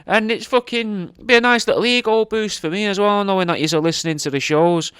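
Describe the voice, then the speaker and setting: Smooth, dry-voiced podcast host. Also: male voice, sits high, brisk, a bit bright, no room sound. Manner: laid-back, plugging his own offers between clips. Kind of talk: casual podcast chat.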